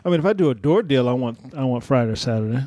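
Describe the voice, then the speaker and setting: A man co-hosting a comedy podcast in relaxed, rambling chat. His mid-pitched voice swings widely in melody. The sound is close and dry, with no room around it. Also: racing, no echo. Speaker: podcast co-host, stand-up comic.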